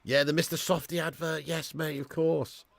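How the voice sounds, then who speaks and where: Male streamer, raised-pitch gravelly voice, loose sweary banter with chat, dry close sound. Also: little pitch movement, moderate pace, no echo. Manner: chatty banter reading out viewer comments, swears and laughs often. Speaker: live-stream host. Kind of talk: casual live watch-along chat.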